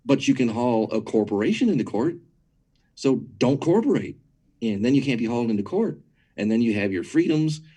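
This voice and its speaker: A man's voice: mid-range voice, sing-song, brisk, mellow, slightly rough. A man speaking as an interview guest, teaching about churches in an emphatic, conversational way. He often repeats words as he builds a point and checks in with rhetorical questions. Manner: asks listeners rhetorical questions.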